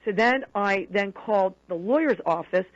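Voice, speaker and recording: A woman guest on a radio show, telling a personal story in an animated way and acting out the quoted dialogue. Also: mid-range voice, normal speed. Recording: dull lo-fi radio broadcast audio.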